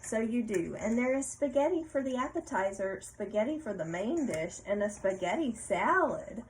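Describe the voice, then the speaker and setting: A woman reading a picture book aloud to a child, playful, pausing to ask questions and laughing often. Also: on the high side, expressive, a little hiss or hum, poor audio.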